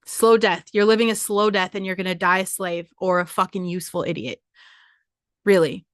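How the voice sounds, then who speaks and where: A woman podcast host talks her listeners hard toward risk and faith, blunt and cursing freely. Her voice sits at a middle pitch for a woman. The sound is dry and close, with no room echo. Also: flat delivery, normal speed, a bit bright. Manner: blunt, profane and exhorting. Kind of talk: motivational monologue.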